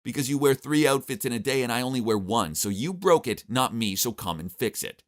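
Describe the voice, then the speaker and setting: A bossy young wife, as a male narrator puts her on, shrill and shrieking. Her demands come out high and strained. She sounds like a figure from an animated story. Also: normal speed. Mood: shrill demanding.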